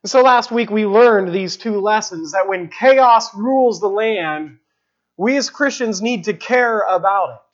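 A pastor preaching an earnest sermon, emphatic and with slow dramatic pauses. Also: male voice, sits high, dull audio.

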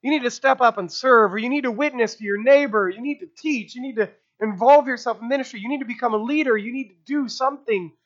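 High-voiced preacher delivering a sermon. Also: male voice, fast talker, hardly any pauses, dull audio. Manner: emphatic, rhetorical "right?" asides, repeated phrases. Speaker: pastor.

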